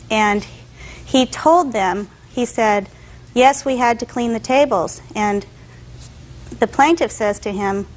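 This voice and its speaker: Animated woman telling her side in court. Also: medium pitch, low-quality recording. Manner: animated storytelling, acting out others' words. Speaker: defendant. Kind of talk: courtroom testimony.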